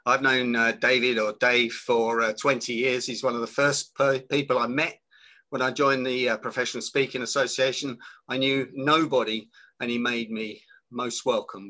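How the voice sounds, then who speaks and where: A man's voice: mid-range voice, pushed and bright. A man with a London accent hosting a live online interview show, chatty and enthusiastic, with frequent fillers. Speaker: host.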